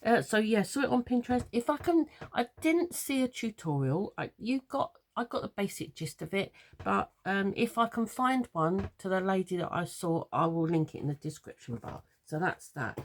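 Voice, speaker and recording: Chatty English woman with a gravelly voice. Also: mid-range voice, expressive, normal speed, few pauses. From London. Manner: chatty, rambling, homely. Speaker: papercraft tutor. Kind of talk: casual craft tutorial. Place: home craft room.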